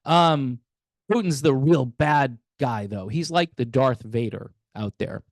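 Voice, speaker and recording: A man's voice: medium pitch, takes it slowly, dry recording, studio quality. A man hosting a casual political commentary monologue, sarcastic and wry, chuckling and talking straight to his viewers. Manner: conversational, addresses viewers directly.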